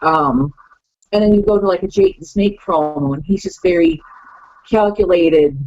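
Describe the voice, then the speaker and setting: A woman on a podcast call, chatting casually, animated, acting out quoted lines and laughing often. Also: medium pitch, moderate pace, gravelly, no room sound, highs cut off. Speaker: guest wrestler.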